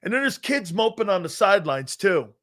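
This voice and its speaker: A middle-aged man hosting a live sports talk show, ranting loudly and profanely about football. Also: high-pitched, brisk. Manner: loud, profane and animated, mocking others in put-on voices. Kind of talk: unscripted sports rant.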